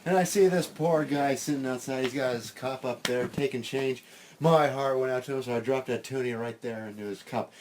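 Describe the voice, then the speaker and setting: A man's voice: medium pitch, brisk, noisy background, pitched below the performer's own voice, natural voice. A man voicing a chatty Canadian man who tags his sentences with "eh" and rambles through a story. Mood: rambling.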